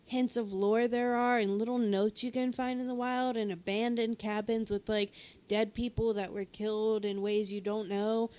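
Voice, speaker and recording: A woman co-hosting a casual podcast chat, telling animated stories, swearing freely and getting loud when excited. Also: fairly high pitch, moderate pace. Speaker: podcast co-host.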